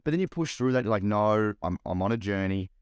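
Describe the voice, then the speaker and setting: A man's voice: fairly low pitch, lively intonation, quick pace, clear, resonant tone, no room sound, clean studio sound. A young Australian man co-hosting a podcast, chatting casually and rambling with lots of "like" and swearing. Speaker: podcast co-host. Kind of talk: casual chat.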